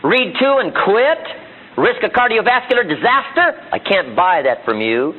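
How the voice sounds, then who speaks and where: A man with a slightly high, husky voice speaks at a live motivational seminar, and his pitch swings widely as he hammers home rhetorical questions. The sound comes from a thin, phone-like archival recording of the room. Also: very animated, moderate pace. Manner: emphatic rhetorical questions and repetition. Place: seminar room before an audience.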